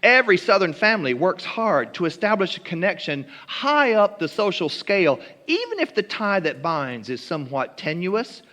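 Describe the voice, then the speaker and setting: A man from Kentucky tells a humorous story with dry, mock-genteel wit and elaborate phrasing. His voice sits a little high and rings bright and forceful. It carries a long reverb, as in a church hall. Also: big pitch swings, normal speed, few pauses.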